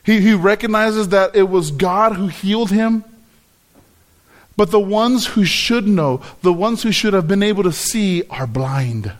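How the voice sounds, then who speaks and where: A man delivers a sermon in a fairly high voice. He is emphatic, often repeating words and slowing to stress key phrases as he explains scripture. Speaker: preacher.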